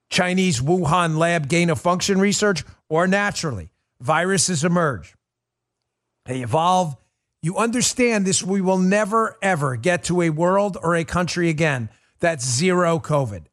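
A man's voice: sits high, fairly bright tone. A man hosting a political podcast, delivering an emphatic, indignant commentary monologue that repeats its points.

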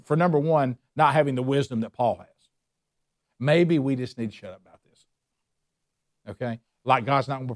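A man's voice: medium pitch, a little mellow, dry recording, studio quality. A man teaching a Bible study, emphatic and repeating his points with rhetorical questions. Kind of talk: preaching a Bible study lesson.

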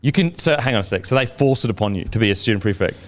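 A man's voice: on the low side, expressive, racing. A man with an Australian accent hosting a podcast, reading an ad in an upbeat promoter's way and teasing his co-hosts in casual chat. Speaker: podcast host.

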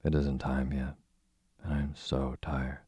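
A man voicing a tired father who whines and pleads like a lazy child, reading in a husky voice. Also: rumbling low, flat delivery, unhurried, mellow, no room sound, studio quality, heavily acted. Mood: whining. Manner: whining, pleading.

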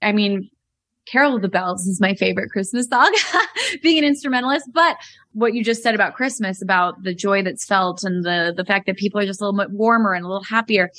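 A woman speaks as an interview guest, earnest and heartfelt, often breaking into quick fillers as she talks. Her voice sits at a middling pitch and is recorded close and dry, with no room sound around it. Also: a bit bright, dry recording. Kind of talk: conversational interview.

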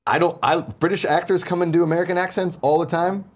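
A man's voice: sits high, fairly even intonation, fast. A young man guesting on a casual chat show, bantering and joking with easy laughter.

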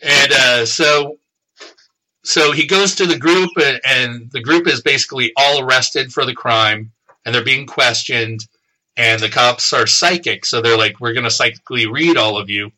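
A man co-hosting a podcast, casually retelling a novel's plot with profanity and quick voiced quotes. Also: medium pitch, pushed and bright, low-quality recording. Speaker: podcast co-host summarizing the book. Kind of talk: casual chat.

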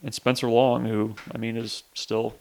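A man with a gravelly, fry-laden voice that stays flat in pitch, delivering lists and dry, teasing asides. He co-hosts a casual sports chat. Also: normal speed. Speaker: podcast co-host.

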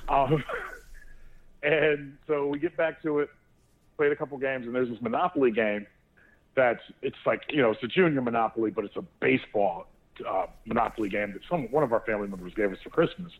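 Man, co-host, casual storytelling, animated, laughs often, mid-pitched voice, phone-line sound. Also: fairly quick. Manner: animated, laughs while telling stories. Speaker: co-host of a sports talk show.

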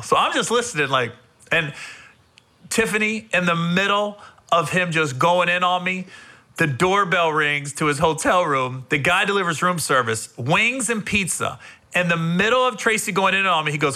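A man hosting a casual interview, telling stories in an animated way and laughing often. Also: sits high, normal speed. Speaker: podcast host.

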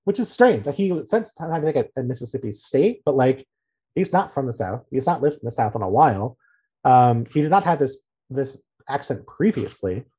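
A man hosting a sports talk podcast with a dark, mellow voice. He sounds sardonic and incredulous, stacking up sarcastic points in relaxed conversation. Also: medium pitch, moderate pace, slightly rough. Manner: incredulous, sardonic, reads out quotes. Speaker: podcast host. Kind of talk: casual podcast chat.

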